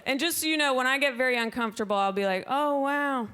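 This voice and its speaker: High-voiced woman doing dry stand-up. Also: animated, rapid-fire, clean tone, some chatter behind. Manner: dry delivery that jumps into shrill, loud put-on voices. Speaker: stand-up comedian. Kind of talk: stand-up comedy set. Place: comedy club stage with a laughing audience.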